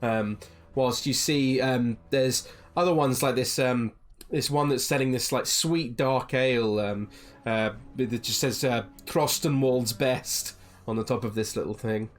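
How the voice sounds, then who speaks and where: A game master narrating a tabletop fantasy game, describing scenes with many ums and halting restarts. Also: medium pitch, fairly even intonation.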